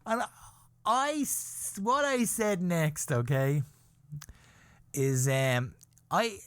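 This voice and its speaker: A man telling a rambling, comic story on his own podcast, laughing as he goes. His voice swings up and down with lively energy. It is recorded close and dry, with no room sound. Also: on the high side, drawn-out words, smooth, no room sound. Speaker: podcast host.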